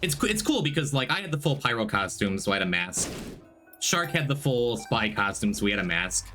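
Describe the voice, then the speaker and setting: A man's voice: mid-range voice, sing-song, fairly quick, bright, forceful tone, faint music behind. A man streaming a game, chatting casually, rambling through a story and greeting viewers by name.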